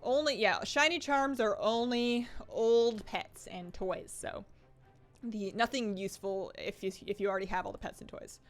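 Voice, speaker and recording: A woman's voice: medium pitch, normal speed, faint music behind. Chatty woman streamer, rambling, laughing often. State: slightly out of breath. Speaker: live-stream host. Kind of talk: casual live-stream chat while gaming. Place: at home.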